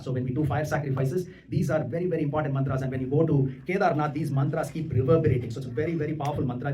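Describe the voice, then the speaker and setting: A man giving a devotional lecture in a temple hall, explaining scripture and slowly chanting Sanskrit mantras. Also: medium pitch, darkish tone, distant mic.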